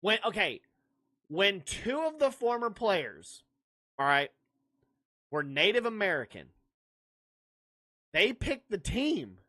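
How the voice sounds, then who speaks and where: Hosting a livestreamed sports podcast, this man has a high, bright, forceful voice. He brashly rants back at his chat, blurting out dismissive remarks, joking, and laughing at his own lines.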